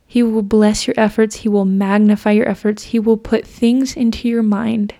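A woman's voice: medium pitch, flat delivery, normal speed, mellow. A young woman hosting a podcast, telling a personal faith story in an earnest, chatty way with frequent fillers and restarts. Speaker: podcast host.

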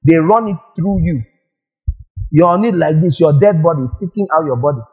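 A male preacher giving a lively sermon, firing rhetorical questions at the congregation and acting out little scenes. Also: fairly high pitch, fairly quick, muffled recording.

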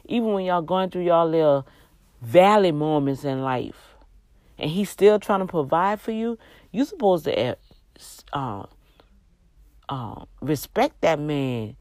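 A woman's voice: sits low, sing-song, darkish tone, dry recording. A woman hosting a casual faith talk on a livestream, earnest and preacher-like, a little tired and yawning. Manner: earnest, exhorting, preacher-like, drawn-out emphasis. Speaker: livestream host.

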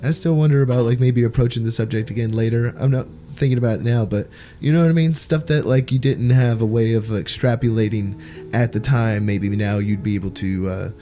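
A man's voice: mid-range voice, fairly quick, mellow, faint music behind. A man hosting a casual podcast chat as a comedian, talking in a laid-back, rambling way full of "like" and "you know".

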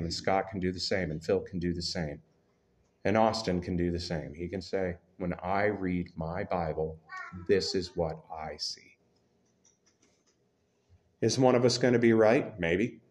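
Male pastor, lowish voice, chatty and self-mocking sermon delivery. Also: normal speed, darkish tone, a little hiss or hum. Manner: self-deprecating, conversational, humorous. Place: church.

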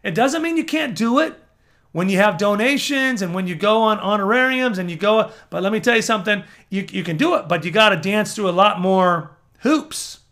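A man preaching to an audience as a prophetic minister, fervent and building to emphatic near-shouts. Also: high voice, lively intonation, moderate pace.

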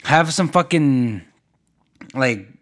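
A man's voice: medium pitch, expressive, very slow. A young man hosting a solo podcast, ranting in a rambling, profane way with many restarts and fillers. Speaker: podcast host.

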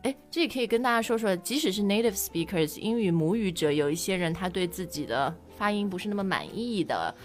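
A woman's voice: medium pitch, expressive, quick pace, hardly any pauses, soft background music. A woman from China hosting a casual chat, switching between Mandarin and English, with a Chinese accent. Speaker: podcast host.

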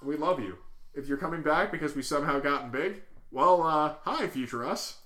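A man's voice: fairly high pitch, moderate pace, bright, forceful tone. A man co-hosting a podcast in casual chat, rambling and cursing, often restarting words. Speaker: podcast co-host. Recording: echoey room.

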